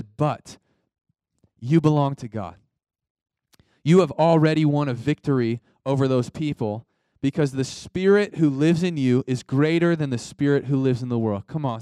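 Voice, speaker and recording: A man's voice: mid-range voice, mellow, clean tone, dry recording. A young man preaching a sermon in a conversational, emphatic way, calling out to the congregation for responses. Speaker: pastor.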